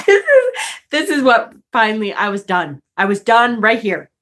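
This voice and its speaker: Woman ranting to her followers, kinda high voice, swearing a lot, laughing as she tells it. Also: wildly swooping pitch, unhurried, fairly bright tone. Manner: exasperated, profane, laughs through the story. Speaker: vlogger. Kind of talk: casual storytelling rant.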